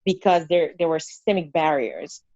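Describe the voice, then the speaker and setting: A woman's voice: low-pitched, expressive, normal speed, dark tone, no echo. A woman in her thirties from Haiti with a Haitian accent, telling her story as an interview guest with emphatic repetition. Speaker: interview guest, festival founder. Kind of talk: casual interview conversation. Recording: dull, muffled, dry audio.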